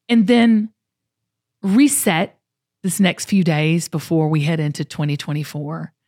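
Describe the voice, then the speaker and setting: A woman's voice: fairly low pitch, no room sound, studio quality. A middle-aged woman, hosting a casual chat and talking in an upbeat, motivational way. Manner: upbeat, motivational, uses y'all. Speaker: show host.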